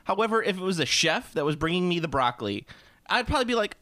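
A man's voice: sits high, very animated, quick pace, bright, forceful tone, no room sound. A man co-hosting a casual podcast chat, ranting animatedly and swearing often.

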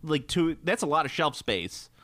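A man's voice: a little high, big pitch swings, normal speed, a bit bright, dry recording. A man co-hosting a casual hobby podcast, rambling and cursing, restarting his sentences often. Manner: rambling, profane, frequent restarts. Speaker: podcast co-host.

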